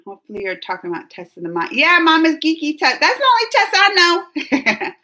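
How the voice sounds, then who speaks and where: Bright, slightly high woman host, chatty, laughing, casual streamer reading chat. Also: very animated, brisk. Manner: chatty, laughs often, jumps between chat comments.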